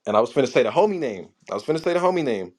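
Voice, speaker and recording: A man's voice: mid-range voice, big pitch swings, very fast, a crowd in the background. A young man, a rapper, telling loose, slangy, profane stories in a casual interview about writing his songs. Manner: loose, slangy, swears freely, recounts writing lyrics. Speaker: rapper guest.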